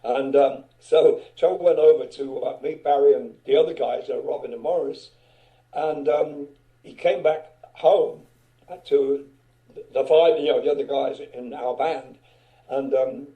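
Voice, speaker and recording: A man's voice: medium pitch, fairly even intonation, a little slow, phone-quality sound. A man in his seventies, a guest singer telling a story in a rambling way, full of fillers. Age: 70s. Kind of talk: casual storytelling. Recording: echoey room.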